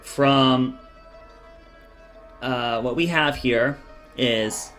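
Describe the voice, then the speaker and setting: A man as dungeon master, reading riddle lines slowly and repeating them for his players. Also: medium pitch, fairly bright tone, soft background music. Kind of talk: running a tabletop game, reading riddle lines.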